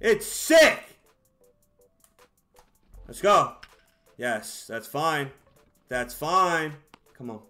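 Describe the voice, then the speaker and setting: A man commentating his own baseball video game, excitable and exasperated, shouting at his players. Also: fairly high pitch, slow pace, pauses often, soft background music. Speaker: gaming YouTuber. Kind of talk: live gameplay commentary.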